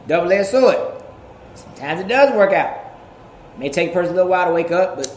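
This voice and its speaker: A man in his thirties talking in a casual, animated, profane podcast monologue, laughing often. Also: sits high, fairly quick, echoey room, a little hiss or hum. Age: 30s. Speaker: podcast host.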